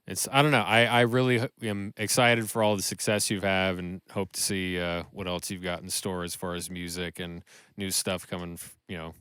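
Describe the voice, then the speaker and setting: A man co-hosting a podcast, talking earnestly with halting restarts and some self-deprecation. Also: deep voice, flat delivery, a bit bright, clear, resonant tone, no room sound. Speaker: podcast co-host. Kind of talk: casual chat.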